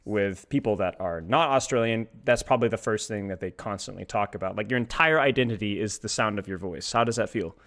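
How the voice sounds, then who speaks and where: A man's voice: lowish voice, brisk, few pauses, a bit bright. A man coaching a player in a casual chat, joking and teasing as he goes. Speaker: game coach.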